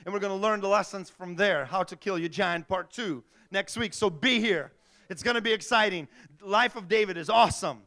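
A middle-aged male pastor preaching a sermon in an animated way, acting out little voices and laughing often. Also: high-pitched, moderate pace.

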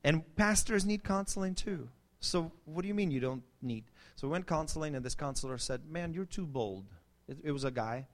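A man pastor giving lively marriage advice, often turning to the audience as guys. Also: fairly high pitch, fairly quick, hardly any pauses. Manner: animated preachy delivery, addresses the audience as guys. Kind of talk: marriage teaching talk with a co-host.

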